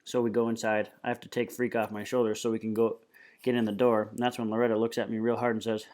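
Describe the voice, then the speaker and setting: A man's voice: fairly low pitch, fast. Man reading a novel aloud. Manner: plain, steady storytelling. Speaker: reader.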